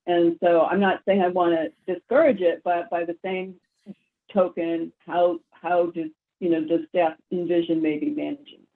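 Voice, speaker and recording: A woman chairing a city planning commission meeting, speaking haltingly with restarts. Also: lowish voice, flat delivery. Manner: halting, many restarts and fillers. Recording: tinny phone-like line.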